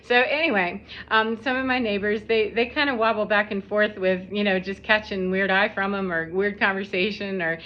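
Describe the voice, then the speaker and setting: A woman's voice: mid-range voice, steady tone, moderate pace, hardly any pauses. A woman talking casually to camera about spiritual life and her encounters with people, rambling and reflective, laughing often as she goes. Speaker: spiritual vlogger. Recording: slightly dull lo-fi audio.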